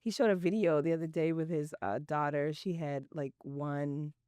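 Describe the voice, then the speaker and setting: A woman hosting a faith podcast in casual interview chat, animated and often laughing, encouraging her listeners. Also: deep voice, normal speed, clear, resonant tone, no room sound, studio quality. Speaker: podcast host.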